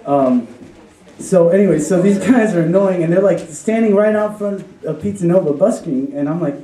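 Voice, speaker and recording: A man's voice: high voice, normal speed, dark tone, slight background noise. A young man from Chicago telling a story at a live story slam, rambling and profane, laughing as he goes. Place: live venue with an audience. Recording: roomy live recording from far off.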